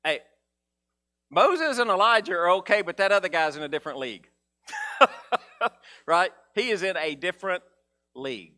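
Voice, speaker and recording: A man preaching a sermon in a casual, conversational way, acting out Bible figures in a low mumble. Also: animated, fairly quick, bright, forceful tone. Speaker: pastor.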